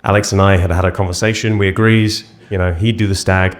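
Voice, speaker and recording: A man's voice: deep voice, little pitch movement, fast. A young English man doing stand-up comedy on stage, self-mocking and rambling in his delivery. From England. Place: on stage before a live audience.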